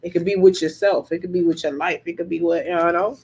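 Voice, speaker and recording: A woman's voice: lowish voice, steady tone, fairly quick, darkish tone, husky. A woman giving a casual tarot reading on a livestream, rambling and profane, laughing often and repeating herself for emphasis. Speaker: tarot reader.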